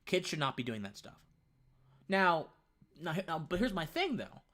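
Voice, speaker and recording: A man's voice: fairly high pitch, moderate pace. A young man hosting a casual opinion livestream. He rambles, stumbles over words and often restarts his sentences. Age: young adult. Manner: lively and conversational, says man often. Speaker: livestream host.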